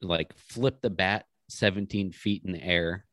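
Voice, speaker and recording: Low-voiced man telling stories casually. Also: measured pace, a bit bright, no echo, clean studio sound. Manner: rambling storyteller, many restarts. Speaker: podcast co-host. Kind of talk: casual chat.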